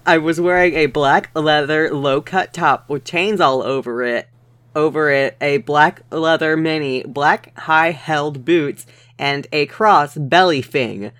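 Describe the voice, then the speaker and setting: A young man reads aloud at a slow, deliberate pace, hamming up every line in mock drama. His voice is bright and a bit high for a man, and it is recorded close and dry. The feel is comedic reading on a podcast. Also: no room sound. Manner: mock-dramatic, reading with theatrical overacting and laughing. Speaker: podcast host reading fan fiction aloud.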